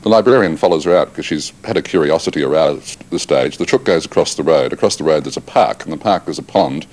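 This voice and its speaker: A man's voice: very deep voice, fast talker. A man chatting on morning television, telling jokes as an event emcee. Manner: jokey storyteller, lively delivery. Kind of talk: casual TV chat.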